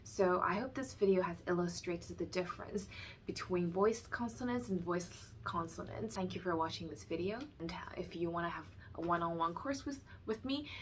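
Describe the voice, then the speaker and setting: A woman's voice: lowish voice, moderate pace, slight background noise. A woman teaching Mandarin pronunciation, carefully demonstrating and contrasting sounds in an explanatory lesson.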